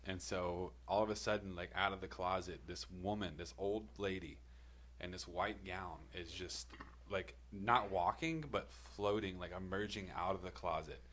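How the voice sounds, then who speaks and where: Very deep-voiced man swearing through a story. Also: steady tone, moderate pace, a bit bright, a little hiss or hum. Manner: profane, rambling, laughs between lines. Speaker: podcast co-host telling a personal story. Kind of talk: casual storytelling.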